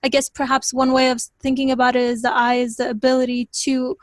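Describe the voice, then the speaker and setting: Woman, discussion group, hedging, fairly high voice, flat delivery. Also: fast, dry recording. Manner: thoughtful, tentative, hedging. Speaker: study group participant. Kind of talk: reflective discussion comment.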